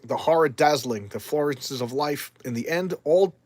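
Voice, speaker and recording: A man's voice: on the high side, normal speed, darkish tone, dry recording, lightly acted. A man voicing a sorrowful swamp plant creature. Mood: grave. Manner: subdued, grave reading.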